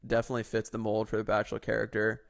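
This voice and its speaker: Gravelly teasing young man. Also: lowish voice, monotone, racing. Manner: teasing, sarcastic, mock-serious. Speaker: podcast co-host. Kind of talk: casual chat.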